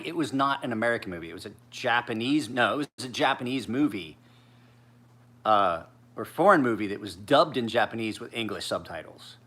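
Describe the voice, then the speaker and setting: A tired man in his forties who rambles in a laid-back, profane way. His voice is bright and sharp, and he speaks as a knife sharpener chatting casually with viewers. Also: fairly low pitch, slightly rough. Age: 40s.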